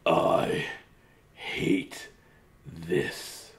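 Brief: nervous horned storybook animal, low grumbles, panicky high yelps, voiced by a man. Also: drawn-out words, reverberant, slight background noise. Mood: grumbling.

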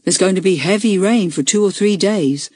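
A woman reading the part of a calm, kindly older schoolboy who gardens, speaking steadily and gently. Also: mid-range voice, normal speed, husky, no echo, studio quality, natural voice.

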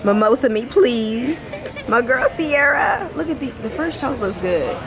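A woman's voice: a little high, animated, measured pace, low-quality recording. Chatty young woman vlogging. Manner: chatty, laughs often, talks straight to viewers. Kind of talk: casual vlog chat to camera. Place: at home, then a restaurant.

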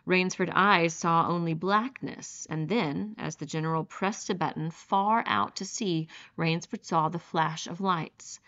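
A woman narrating an audiobook with measured, steady storytelling, on a dull lo-fi recording. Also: fairly low pitch. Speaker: audiobook reader.

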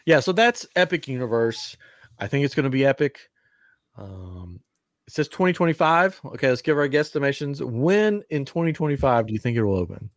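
An animated man hosts a casual podcast chat, his voice swinging widely in pitch as he tells stories and laughs. His mid-range voice is recorded close and dry. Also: fairly quick, no echo. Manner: animated storyteller, laughs often. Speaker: podcast host.

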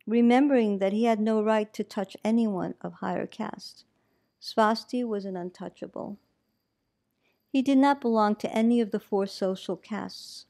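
A woman teacher reads a story aloud in a calm, measured way. Her voice is warm and mellow, sitting in a middle range. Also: medium pitch, vocal fry. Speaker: meditation teacher.

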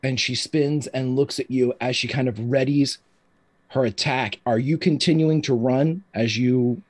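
A man's voice: medium pitch, fairly even intonation, measured pace, darkish tone. A man running a tabletop game as game master, narrating the action in a loose, descriptive way with fillers.

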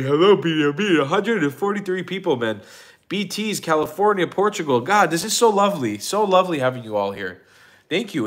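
A livestream host with a slightly high, somewhat bright voice yawns through a casual stream. Sounding tired, he rambles, restarts, and ums a lot while welcoming chat viewers by name.

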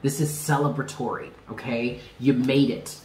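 A man's voice: medium pitch, fairly even intonation, moderate pace, a little mellow, echoey room, low-quality recording. A man giving a casual tarot reading to camera, talking in an emphatic, chatty way and repeating himself with slangy asides. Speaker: tarot reader.

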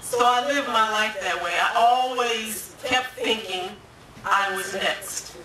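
A woman's voice: takes it slowly, bright, forceful tone. Woman giving a testimony, echoey and distant. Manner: storytelling, acting out quoted voices with pitch jumps. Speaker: guest speaker giving a testimony. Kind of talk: personal testimony speech. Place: domestic violence awareness walk event. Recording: echoey, distant, crowd noise behind.

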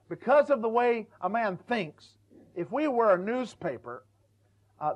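High-voiced man preaching a folksy sermon. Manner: folksy, repeats words, acts out quoted voices. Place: church. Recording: dull lo-fi church recording.

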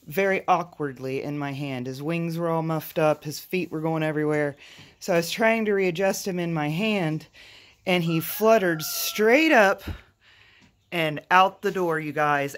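An excitable homestead vlogger films outdoors on a handheld phone and chats straight to viewers. The delivery is flustered and jittery, with frequent laughs and many asides to "you guys." The voice sits at a middling pitch. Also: unhurried. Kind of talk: casual vlog narration to camera. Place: outdoors in a backyard with a quail coop.

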